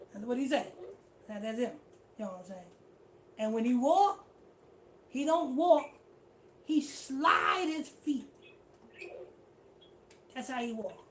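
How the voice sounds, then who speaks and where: Slow, high-voiced woman teaching scripture. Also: slight background noise. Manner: slangy, repetitive, keeps saying "you know what I'm saying". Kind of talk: street-style scripture class.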